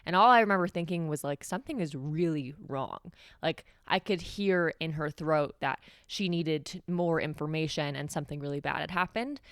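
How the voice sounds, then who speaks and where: A young woman with a low, smooth, resonant voice talks candidly on a solo podcast, filling her sentences with "like." The sound is dry and close, with no room around her. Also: normal speed, dry recording. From New Mexico, USA. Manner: candid, conversational, heavy use of "like". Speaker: podcast host.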